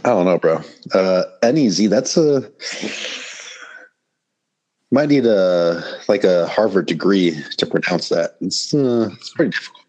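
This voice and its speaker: A man's voice: low voice, expressive, measured pace, long pauses, a little mellow, low-quality recording. A man co-hosting a casual chat, making dry, teasing jokes. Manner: dry teasing sarcasm with laughs. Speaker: podcast co-host. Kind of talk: casual banter.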